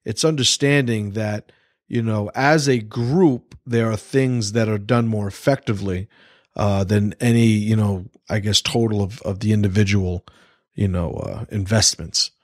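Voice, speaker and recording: A man's voice: on the low side, steady tone, a little slow, dry recording, studio quality. A man hosting a casual livestream podcast, rambling, swearing freely and restarting his sentences. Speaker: podcast host.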